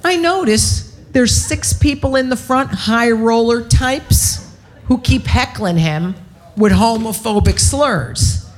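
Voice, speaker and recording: A woman's voice: fairly high pitch, animated, slow pace. Brash, profane woman comic. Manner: brash, profane, loud and punchy. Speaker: stand-up comedian. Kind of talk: stand-up comedy set. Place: on stage at a live show.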